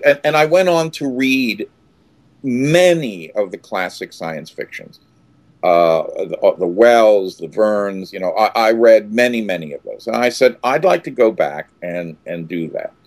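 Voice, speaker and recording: In this interview, an actor in his sixties tells animated stories, acting out quotes with sudden loud outbursts and restarting often. His medium-pitched voice is lively but a little slow, and the recording is dry.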